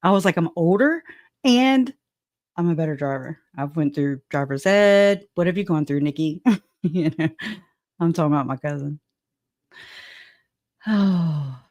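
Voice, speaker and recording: A woman's voice: low voice, no echo, clean studio sound. A woman hosting a casual true-crime livestream, chatting with viewers and laughing often between joking asides. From southwest Louisiana. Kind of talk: casual livestream commentary, greeting chat.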